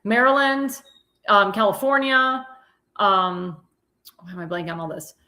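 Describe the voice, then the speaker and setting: A woman's voice: medium pitch, expressive, a little slow, pushed and bright. A woman hosting a political talk show, talking emphatically with many restarts and repeated words, and sounding tired. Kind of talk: political commentary monologue.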